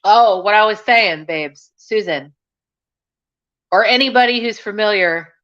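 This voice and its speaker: Slow-talking chatty woman, dull audio. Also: mid-range voice, a bit bright. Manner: rambling and chatty, many fillers and restarts. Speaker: livestream host. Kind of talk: casual chat reading viewer comments.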